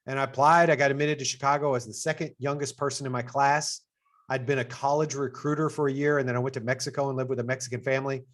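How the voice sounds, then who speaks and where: A middle-aged man with a Texas accent, hosting an information session as assistant dean. He talks in an upbeat, conversational way and jumps up in pitch to stress his points. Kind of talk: presentation to prospective students.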